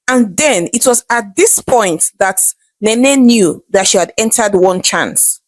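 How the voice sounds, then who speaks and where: A woman's voice: on the high side, expressive, unhurried, no echo. A woman narrating a scripted folktale in a dramatic storytelling manner.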